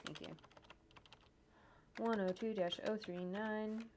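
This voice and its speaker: Speaking slowly in a mid-range, darkish voice with fairly even intonation, a woman describes her on-screen animation work as she does it. She thinks aloud, tosses in jokey asides, and hums, with slight background noise and faint typing and clicking.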